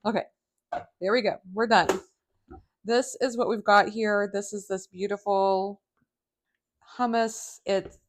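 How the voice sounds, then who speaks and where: A woman's voice: medium pitch, fairly even intonation, measured pace, pauses often. A woman hosting a live cooking demonstration from her home kitchen, chatty and enthusiastic as she talks straight to her viewers. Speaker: cooking show host.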